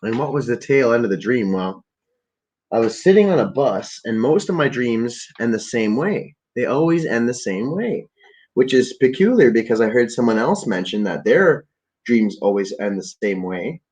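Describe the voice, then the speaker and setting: A man's voice: mid-range voice, lively intonation, moderate pace, darkish tone, husky. A man from Canada hosting a podcast, telling a meandering story in a casual rambling monologue, often trailing off into fillers and restarts. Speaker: podcast host.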